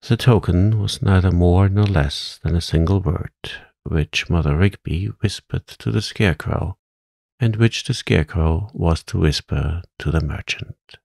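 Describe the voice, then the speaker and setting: Calm, deep-voiced male storyteller. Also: a little slow, vocal fry, no echo, studio quality. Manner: calm, soothing. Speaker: audiobook narrator. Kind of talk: soft-spoken bedtime story reading.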